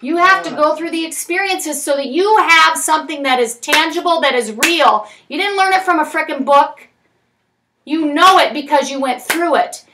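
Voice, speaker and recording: A woman runs a recovery group's parenting lesson, talking bluntly and with emphasis while repeatedly using tag questions. Her high voice moves at a normal speed, and the mic sits far away in a meeting room with the group and background noise.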